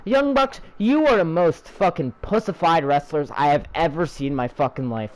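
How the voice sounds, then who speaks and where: High-voiced man ranting profanely. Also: animated, moderate pace, a little mellow, low-quality recording. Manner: angry, profane, sarcastic, heated. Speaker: channel host ranting. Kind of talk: profane wrestling rant.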